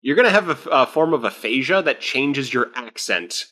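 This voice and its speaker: Running a tabletop game as game master, this man narrates loosely, full of fillers and mid-sentence restarts. His voice is medium in pitch and bright, with a forceful tone, lively intonation, and normal speed.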